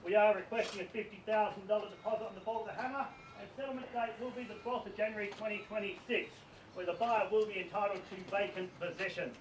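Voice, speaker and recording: A man's voice: high-pitched, fairly even intonation, fast, slight background noise. A man working as an auctioneer, projecting to a crowd outdoors as he reads out contract terms and auction conditions. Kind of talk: formal auction address. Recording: distant and roomy, picked up from afar.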